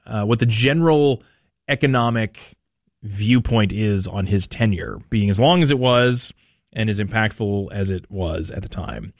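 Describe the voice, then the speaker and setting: A man hosts a call-in radio show. He talks in a loose, meandering way, thinking out loud with fillers. His mid-pitched voice sounds dry and close. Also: dry recording. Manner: conversational, musing, loose with fillers. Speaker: radio talk show host. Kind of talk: casual talk radio commentary. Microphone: studio microphone.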